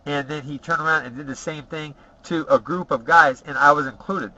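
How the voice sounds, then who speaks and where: Middle-aged man, forceful tense voice, slightly high pitch, profane boastful storytelling, dull lo-fi recording. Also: steady tone, brisk. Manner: profane, boastful, tags lines with "okay?". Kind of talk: rambling personal stories.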